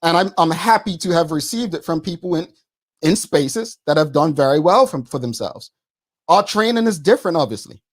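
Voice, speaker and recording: A man, co-hosting a studio talk show and arguing his point quickly and emphatically, repeating words. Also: fairly high pitch, lively intonation. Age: 40s. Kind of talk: studio debate.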